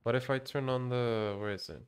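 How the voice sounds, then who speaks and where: A man's voice: mid-range voice, fairly even intonation, normal speed, clean tone. A man streaming a shooter game, rambling in casual commentary, muttering to himself and swearing now and then. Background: gunfire from the game.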